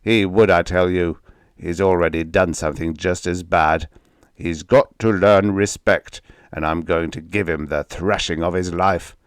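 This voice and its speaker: Man doing a mean sneering stepdad, low and slow, dry audiobook sound. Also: steady tone, clean tone, no room sound. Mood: menacing. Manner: slow and menacing. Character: cruel sneering stepfather, middle-aged man.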